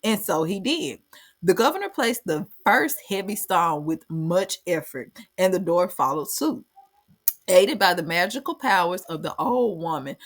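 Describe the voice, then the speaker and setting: A woman reading a legend aloud and breaking off into slangy, joking commentary. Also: fairly low pitch. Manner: slangy, animated asides, keeps saying baby. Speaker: channel host.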